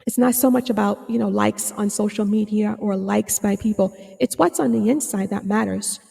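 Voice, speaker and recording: A woman hosting her own podcast as a psychotherapist, talking earnestly with many fillers and restarts, a little hoarse. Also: mid-range voice, dark tone, in a large hall. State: slightly hoarse, clearing her throat. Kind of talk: reflective solo podcast talk.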